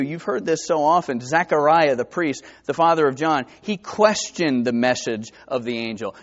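A man from New Jersey with a New Jersey accent, preaching a sermon that swings from hushed to emphatic. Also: fairly high pitch. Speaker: pastor. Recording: dull lo-fi sermon recording.

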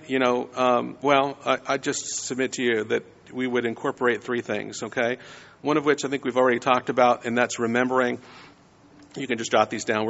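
A man's voice: mid-range voice, fairly bright tone, big-room sound, lo-fi sound. A man giving a conversational sermon, often checking in with his listeners. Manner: conversational, frequent "right?" tags. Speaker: preacher.

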